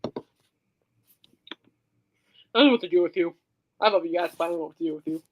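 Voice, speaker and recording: A woman's voice: fairly low pitch, a little fast, a little mellow. A woman hosting a podcast in casual chat, playful and teasing, rambling from joke to joke. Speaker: podcast host.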